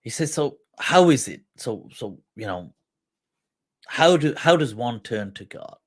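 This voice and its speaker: A male livestream host in a storytelling lesson, his pitch swinging widely as he acts out the dialogue. He rattles off Arabic quotations quickly before explaining them in English, with a few Urdu phrases along the way. His voice sits in an average male register. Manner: animated retelling with quoted dialogue and laughs; quotes Arabic rapidly, then translates.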